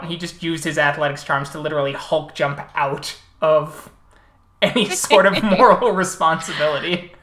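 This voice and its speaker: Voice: mid-range voice, moderate pace, fairly bright tone. A podcast host in casual chat about tabletop games, telling stories with frequent laughter. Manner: storytelling, laughs often. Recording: roomy echo.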